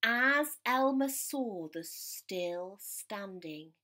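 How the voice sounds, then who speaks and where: A woman's voice: medium pitch, lively intonation, extremely slow, bright, forceful tone. A woman teacher reading a children's story aloud and leading the children in sound effects. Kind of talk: children's musical story time.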